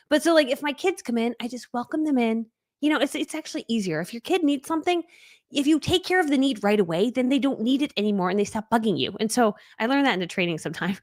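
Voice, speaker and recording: A woman in her forties, a business coach, chatting excitedly and rambling through a casual live training from her home office. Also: a little high, no room sound, clean studio sound.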